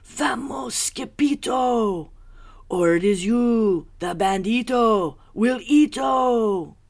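A woman voicing a chorus of small excitable dogs, shouting their lines high and loud. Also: extremely slow, vocal fry, heavily acted. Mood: frantic.

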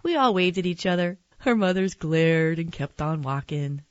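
Woman, storybook reading, gentle, expressive, low pitch, dry close sound. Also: moderate pace, no room sound, highs cut off. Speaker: narrator. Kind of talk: reading a children's picture book aloud.

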